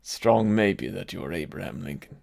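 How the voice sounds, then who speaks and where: A man's voice: low-pitched, animated, moderate pace, creaky, darkish tone. A man hosting his channel, chatting casually and reading viewer messages aloud. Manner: reads viewer messages aloud and teases the chat. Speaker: YouTube creator. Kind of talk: casual livestream chat.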